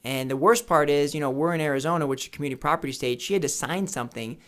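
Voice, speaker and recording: A man's voice: a little high, very fast, a bit bright. A man advising on retirement, speaking emphatically, repeating key questions and telling anecdotes to make his point. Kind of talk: educational talk to camera. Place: office or home studio. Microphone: camera mic with studio lights setup.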